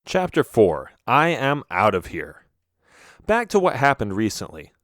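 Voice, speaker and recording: A man's voice: medium pitch, a little slow, dry recording. Guy reading a silly kids' audiobook, voice bouncing up and down a lot, dry close sound. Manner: animated, expressive reading. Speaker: audiobook narrator. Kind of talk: scripted first-person storybook narration.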